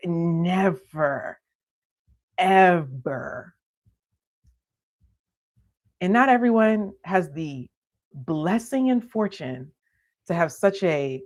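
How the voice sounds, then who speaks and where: Woman host, lowish voice, indignant live-stream rant with disbelieving laughs. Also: lively intonation, extremely slow, long pauses, darkish tone.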